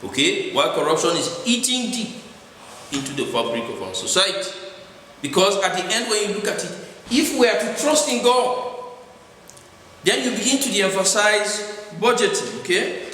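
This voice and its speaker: A man's voice: high-pitched, lively intonation, moderate pace, bright, forceful tone. A man preaching a sermon in a church hall, checking in with his listeners after each point. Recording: echoey hall with long reverb, faint noise.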